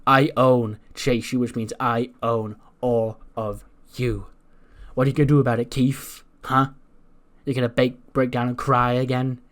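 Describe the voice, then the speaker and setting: A man voicing a sneering, arrogant veteran male wrestling villain who taunts and mocks his opponents in a loud voice. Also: medium pitch, flat delivery, measured pace, lightly acted. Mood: taunting.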